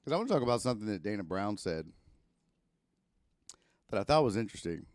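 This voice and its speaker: A man hosts a loose sports talk stream, cursing and rambling as his pitch rises and falls a lot. The sound is dry and close, from a microphone plugged into a camera. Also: fast talker, dry recording. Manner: profane, animated rambling. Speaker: sports talk show host. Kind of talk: casual sports talk livestream.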